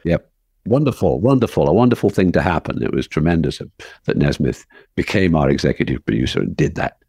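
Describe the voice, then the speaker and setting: A man's voice: rumbling low, a little fast, vocal fry, slightly rough, no echo, clean studio sound. A man, a film writer and director, telling anecdotes as a guest in an interview and acting out the people in them. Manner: lively storyteller who acts out the people in his anecdotes. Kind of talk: anecdotal storytelling in conversation.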